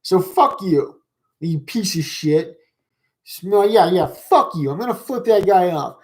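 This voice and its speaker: A man's voice: high-pitched, expressive, a little slow, darkish tone, low-quality recording. Guy ranting at comments, swears nonstop, lots of like and um, heated and mocking. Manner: rambling, swears constantly, lots of fillers and restarts. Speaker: commentary vlogger. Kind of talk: profane rant reacting to comments.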